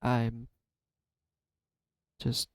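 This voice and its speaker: A man's voice: medium pitch, monotone, extremely slow, clean tone, no echo, poor audio. A man talking heartfelt and personal to his viewers, holding back tears, searching for words and trailing off. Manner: emotional, searching, trails off and restarts. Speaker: YouTube card-reading vlogger. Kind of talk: heartfelt personal talk to camera.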